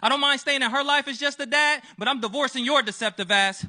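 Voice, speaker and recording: A male spoken word poet with a strikingly high, piercing voice. He delivers a story in rhyming verse with a steady performance rhythm. He slips into each person's voice as the story unfolds. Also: fast talker.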